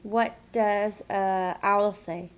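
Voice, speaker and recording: A woman's voice: mid-range voice, fairly even intonation, drawn-out words, clear, resonant tone. A woman filming her toddler at home on a camera's built-in mic, coaxing her in sing-song baby talk and scolding her now and then. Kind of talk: home video, talking to a toddler.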